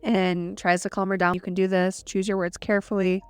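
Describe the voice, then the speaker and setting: A woman's voice: mid-range voice, level tone, brisk, clear, resonant tone, no echo, soft background music. A woman co-hosting a podcast, casually recapping a novel's scenes, full of "like" and quoting characters as she goes. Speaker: podcast co-host. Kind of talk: casual book discussion.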